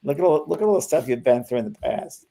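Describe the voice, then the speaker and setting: An older man talking casually as co-host of a spiritual show, with a gravelly edge to his mid-range voice. He is animated and slips into little acted-out dialogues as he goes. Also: medium pitch, quick pace. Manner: animated, acts out quoted exchanges in lively voices. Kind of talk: casual conversational chat.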